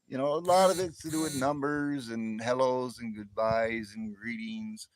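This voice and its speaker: A man's voice: on the low side, fairly even intonation, normal speed, hardly any pauses, no echo. A man in his fifties from near the northern border, hosting a casual livestream chat and rambling, with frequent word repeats and chuckles. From northern New York near the Canadian border. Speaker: livestream host. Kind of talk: casual live chat with viewers.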